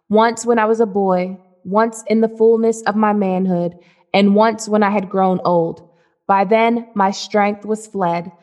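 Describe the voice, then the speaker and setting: A woman reading the lines of an ancient, blind male scholar who is weary and grieving, in a slow, sorrowful way. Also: medium pitch, close to an everyday voice.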